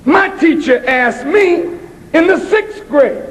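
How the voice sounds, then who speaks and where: High-pitched man from boston giving a fiery speech, slow and deliberate, punching words. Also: animated, long reverb tail, crowd noise, noisy background. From Boston, United States. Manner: emphatic, preacherly, rising to shouts. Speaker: speaker at a college address. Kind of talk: impassioned public address. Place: college auditorium.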